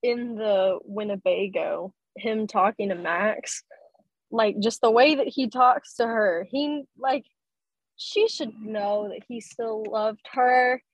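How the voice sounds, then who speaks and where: A young woman in a casual chat, recounting an episode in an emotional, unhurried way. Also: a little high, no echo, poor audio. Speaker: podcast guest.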